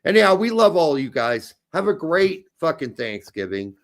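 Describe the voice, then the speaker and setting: A man co-hosting a podcast in casual, crude chat, loud and excitable. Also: on the high side, moderate pace. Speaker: podcast co-host.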